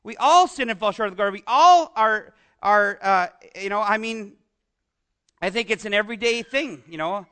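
A Canadian man preaching in a loose, conversational way, his voice sitting very high for a man and sounding bright and forceful. He jokes with his listeners, backs up and restarts his sentences, and wanders into friendly asides. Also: moderate pace, clean tone. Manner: chatty, joking with the congregation, many restarts and asides. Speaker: pastor. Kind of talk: conversational sermon.

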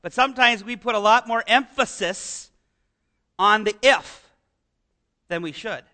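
A middle-aged male pastor delivers a sermon in a lively, conversational way and keeps asking his listeners questions. His voice sits unusually high for a man and sounds very bright and sharp. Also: a little slow. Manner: animated, conversational preaching with rhetorical questions.

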